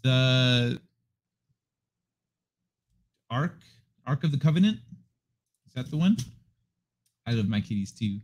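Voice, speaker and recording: A man livestreaming from his apartment living room chats to viewers at a desk microphone, rambling, relaxed and heavy on swearing. He speaks slowly and expressively in a mid-range voice, pausing often.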